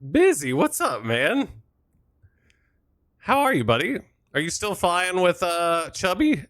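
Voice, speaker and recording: A man's voice: a little high, wildly swooping pitch, a little slow, a bit bright, no echo. A young man chatting casually on a live stream, joking, laughing and thanking viewers while setting up a flight.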